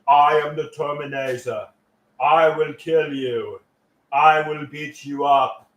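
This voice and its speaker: A man voicing a hulking male action-hero tough guy in a put-on thick Austrian accent, with slow, heavy, clipped threats. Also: on the high side, steady tone, fairly bright tone, pitched below the performer's own voice. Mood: menacing. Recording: roomy, from a distance.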